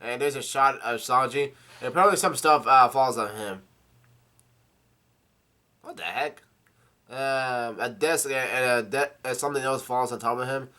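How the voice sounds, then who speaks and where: A man casually reading through a comic chapter aloud with his own comments, halting, with many fillers, restarts and coughs. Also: mid-range voice, pushed and bright. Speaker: comic reader.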